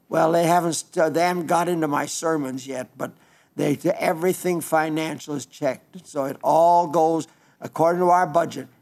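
A man in his nineties, a preacher reading listener letters in a folksy, halting way, with frequent restarts, growing fervent when he praises the gospel. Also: fairly high pitch. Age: 90s.

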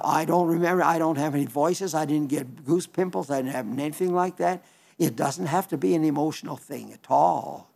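A man's voice: fairly high pitch, creaky. An older man preaching a folksy, earnest sermon in a conversational way, rising to sudden emphasis at times. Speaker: radio preacher.

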